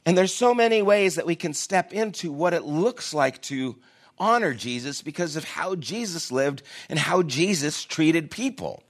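A man's voice: a little high, animated, moderate pace. Guy pastor preaching, chatty storyteller, teases himself, voice jumps up and down a lot. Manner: storytelling, conversational, self-deprecating. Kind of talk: sermon. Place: church.

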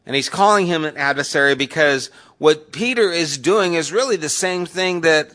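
A man's voice: fairly high pitch, moderate pace, a bit bright. A man teaching a Bible study class in a conversational way, putting questions to the group.

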